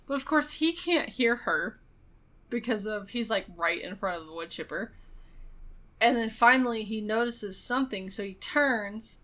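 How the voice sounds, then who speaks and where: A woman's voice: fairly high pitch, sharp tone. A woman co-hosting a podcast, casually retelling a film's plot with lots of fillers and little laughs. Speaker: podcast co-host. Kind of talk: casual movie recap chat.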